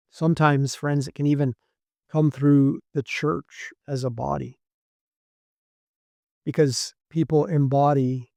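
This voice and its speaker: A man preaching a sermon as pastor, in a slow, measured delivery with frequent pauses. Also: a little high, gravelly, a little mellow, no echo, studio quality.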